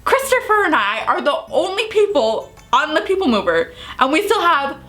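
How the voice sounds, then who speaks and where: A young woman vlogger tells a storytime tale in a high, lively voice that swoops up and down. Her tone is bright and forward, and she keeps laughing through the tense bits, breathless with excitement. Faint music plays behind her. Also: normal speed. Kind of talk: storytime vlog.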